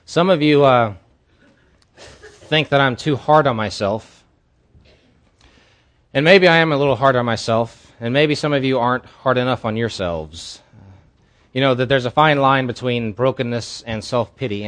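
A man's voice: mid-range voice, moderate pace, a bit bright. Earnest man preaching a sermon. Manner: earnest, candid storytelling preacher. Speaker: pastor. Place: church service.

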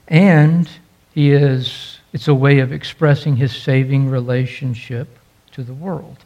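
Slow, emphatic male preacher. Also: on the high side, a little mellow, highs cut off. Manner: emphatic, stressing key phrases with slow drawn-out words. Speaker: pastor. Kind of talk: sermon.

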